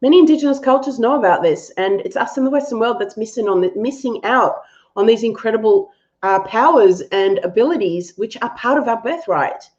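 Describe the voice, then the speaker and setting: A woman's voice: on the high side, fairly quick, darkish tone, dull audio. A woman hosting a live-stream animal reading and answering viewers, affectionate and thinking aloud with fillers.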